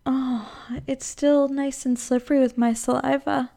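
A woman voicing a possessive, menacing motherly woman in an audio role-play, cooing and breathy. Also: sits high, level tone, measured pace, dark tone. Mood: sultry.

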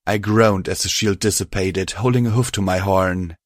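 Male narrator, low-pitched, measured, first-person fiction reading. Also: fairly even intonation, no room sound, studio quality.

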